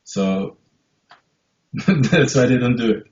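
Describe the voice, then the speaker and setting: A man in his thirties with a Slovenian accent, a dentist calmly explaining things as an interview guest on a headset. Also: mid-range voice, takes it slowly, echoey room, dull audio. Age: 30s. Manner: calm, matter-of-fact, explaining. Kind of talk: interview answers.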